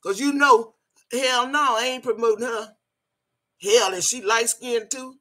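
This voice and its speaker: A woman's voice: on the high side, fairly even intonation, a little slow, sharp tone. An older woman hosting a casual livestream, greeting viewers and scolding critics in a blunt, feisty way. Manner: greets chat viewers by name. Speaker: livestream host.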